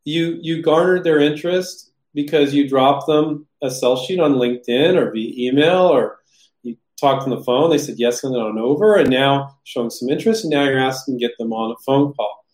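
A man hosting a casual live Q&A on product licensing, talking animatedly and acting out the people he describes in quick voices. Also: medium pitch, darkish tone. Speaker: host answering viewer questions. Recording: roomy echo.

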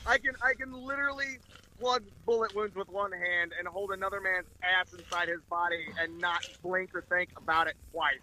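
A man's voice: sits high, fairly even intonation, moderate pace, bright, forceful tone, a little hiss or hum, rough recording. A man in his twenties, a comedian guest on a podcast, telling profane rambling stories and laughing often. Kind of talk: casual podcast storytelling.

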